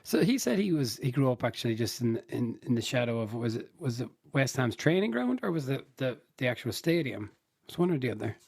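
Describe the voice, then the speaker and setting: A man's voice: medium pitch, sing-song, a little fast, creaky, darkish tone, slightly rough, no echo. Laughing man in dry, close chat. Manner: laughing, rambling storyteller. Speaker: podcast co-host. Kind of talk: casual chat.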